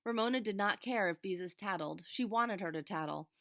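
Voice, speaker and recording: A woman, a teacher, reading a children's chapter book aloud in a steady, expressive way. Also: mid-range voice, brisk, no room sound, clean studio sound. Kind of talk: storybook read-aloud.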